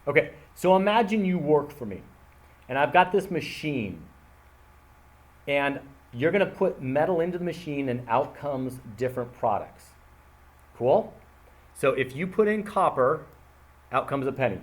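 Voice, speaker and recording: A man teaching a math lesson, explaining with playful everyday analogies in an animated, casual way, talking straight to his students. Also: a little high, measured pace, pauses often.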